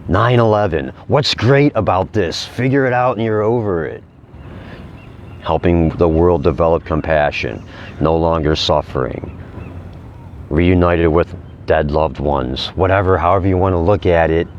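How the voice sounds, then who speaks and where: A man reading inspirational quotes aloud and commenting on them casually, repeating key phrases slowly for emphasis. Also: low voice, lo-fi sound, slight background noise. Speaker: vlogger.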